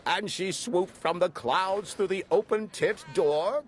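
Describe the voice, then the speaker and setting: A man reading a rhyming children's story aloud in an animated, sing-song way, acting out the characters. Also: high voice, slow, few pauses, slight background noise. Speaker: storybook reader.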